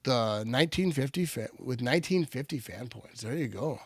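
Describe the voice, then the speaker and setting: A man hosting a live game watch party, switching between excited play-by-play calls and relaxed chat. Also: medium pitch, moderate pace, slightly rough, dry recording, clean studio sound. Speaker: livestream watch party host.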